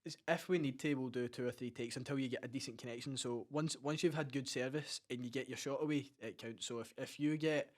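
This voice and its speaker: A man's voice: medium pitch, fairly even intonation, darkish tone. A young Scottish man hosting a casual football podcast, setting up the segments and keeping things moving. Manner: fast, organising, runs the segments. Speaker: podcast host. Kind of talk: casual chat.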